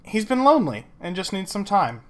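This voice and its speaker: A man's voice: sits high, big pitch swings, a little fast, recorded from a distance, noisy background. A man voicing a brusque female employer who scolds the team in a tabletop game. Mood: exasperated. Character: brusque woman employer contact.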